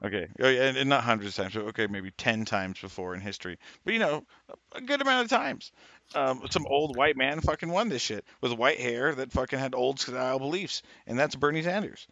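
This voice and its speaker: A man's voice: medium pitch, expressive, fairly quick, vocal fry, sharp tone, no echo, muffled recording. A man co-hosting a podcast, talking in a profane, rambling way. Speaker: podcast co-host. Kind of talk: casual podcast chat.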